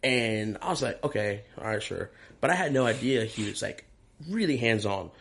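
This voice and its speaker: A man with a low, gravelly voice tells loose backstage stories as a guest drummer. He talks casually and curses often. He slips into the voices of the people in his stories. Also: moderate pace, slight background noise. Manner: animated, profane, acts out quoted dialogue. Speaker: touring and session drummer, guest. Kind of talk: casual storytelling interview.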